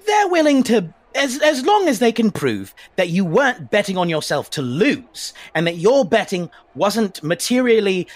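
A flustered, eager fan who stammers and rambles in a lively, high voice, as a man acts it out in a fantasy tabletop game. The pitch jumps around a lot as the words tumble out. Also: dry recording.

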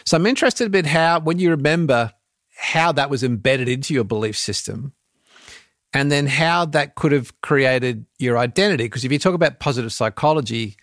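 A man's voice: medium pitch, expressive, normal speed, a bit bright, no echo, studio quality. A male radio host asking a guest long, rambling, multi-part questions. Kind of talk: interview questions.

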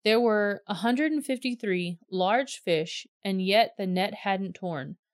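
Woman narrator, steady measured reading, mid-pitched voice, dry close sound. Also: dry recording. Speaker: reader. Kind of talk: scripted narration.

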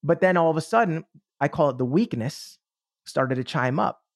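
A man who is a motivational speaker, telling a story as a podcast guest in an animated, enthusiastic way, acting out the dialogue. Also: fairly high pitch, moderate pace, dry recording, clean studio sound. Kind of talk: casual storytelling.

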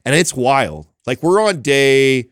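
A man's voice: mid-range voice, animated, slow, dry recording, studio quality. A man in his thirties hosting a podcast, telling a story in a rambling way with many restarts and casual swearing. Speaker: podcast host.

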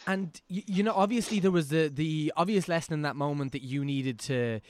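A man hosting an interview, thinking out loud in long rambling questions full of fillers. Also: fairly high pitch, fairly quick, dry recording. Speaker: podcast host. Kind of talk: casual interview chat.

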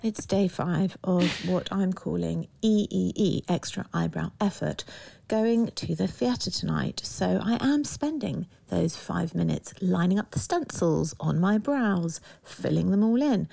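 A woman's voice: fairly low pitch, animated, unhurried, creaky, few pauses, warm tone, exaggerated voice. A woman voicing a chirpy, self-mocking version of herself in a put-on Geordie accent for a diary voice note. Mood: wry.

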